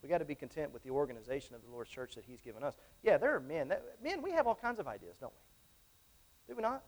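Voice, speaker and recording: A man with a slightly high voice, big pitch swings, and a quick pace preaches to his congregation in church. He's emphatic, repeating phrases and often putting questions to the congregation.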